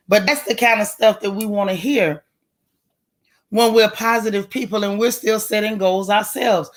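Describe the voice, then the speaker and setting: A woman hosting a casual livestream, greeting viewers by name in folksy, drawn-out banter. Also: medium pitch. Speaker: livestream host.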